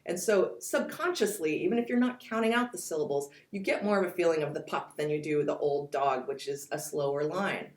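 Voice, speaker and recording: A woman's voice: low voice, a little fast, hardly any pauses, darkish tone, roomy sound. A woman teaching poetry, introducing her course and reading lines of verse aloud to show their sound. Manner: explains with spoken examples and reads poem lines aloud.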